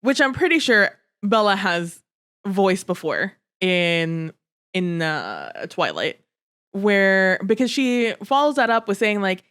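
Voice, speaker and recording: A woman co-hosting a casual podcast about a book series, laughing often and cursing freely as she reacts. Her voice sits at an ordinary mid pitch for a woman. She keeps a loose, chatty tone. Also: takes it slowly, clean tone. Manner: animated, laughing, swears freely. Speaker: podcast co-host. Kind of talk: casual book-club chat.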